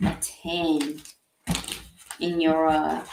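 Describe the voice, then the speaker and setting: A woman giving a live tarot reading in a slow, earnest, halting way, with sighs and repeated words. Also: low-pitched, little pitch movement, gravelly, a little mellow, a little hiss or hum. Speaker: tarot reader. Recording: echoey room.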